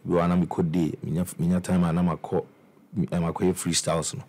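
Deep flat-voiced Ghanaian man. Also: quick pace. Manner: mixes English and Twi, frequent restarts and repeated words. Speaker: musician guest. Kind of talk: casual interview storytelling.

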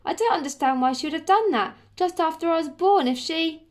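Storybook read-aloud: a woman doing a high, earnest English girl, pleading. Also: very animated, fairly quick. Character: earnest young girl, quietly sad.

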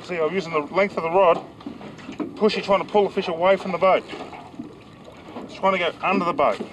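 A man's voice: high voice, fairly quick. A man with an Australian accent hosting a fishing show from a small boat outdoors, talking in a chatty, enthusiastic way and exclaiming as he works a fish. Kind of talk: excited on-the-water fishing commentary. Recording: outdoor boat recording with water and engine noise.

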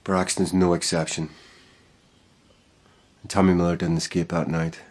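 An actor playing an older retired police officer who speaks gravely and confides a long-kept secret. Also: male voice, low voice, little pitch movement, moderate pace, darkish tone. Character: retired old lawman keeping a grim secret.

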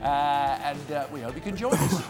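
A man's voice: a little high, creaky. Man hosting a football show over music. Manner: brisk, reads out viewer questions. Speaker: host. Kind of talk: studio football talk show.

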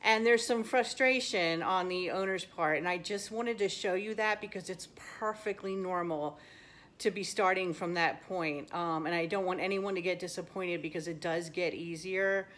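A woman's voice: lowish voice, steady tone, normal speed, fairly bright tone. A woman dog trainer hosting an at-home obedience lesson, talking upbeat and friendly as she explains each step. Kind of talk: instructional video talk.

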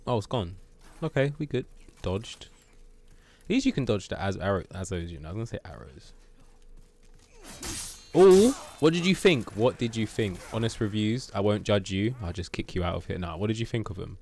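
A man's voice: on the low side, fairly quick, gravelly, a little mellow. A British man streaming a game live, chatting playfully with viewers and joking as he plays. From Britain. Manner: playful, banters with chat, jokes and mutters at the game.

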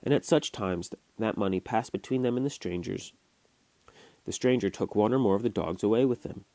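A man reading a classic novel aloud to his children, at a steady storytelling pace with small restarts. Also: on the low side, a little fast, no room sound. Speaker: father reading to his kids. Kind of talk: audiobook narration. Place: home recording.

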